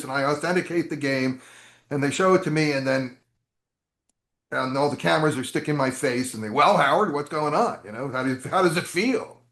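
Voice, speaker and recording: Chatty guy rambling through a story, slightly high voice, echoey room. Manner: animated, chatty, rambling asides. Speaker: interview guest, game designer. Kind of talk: storytelling interview answers. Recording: roomy echo.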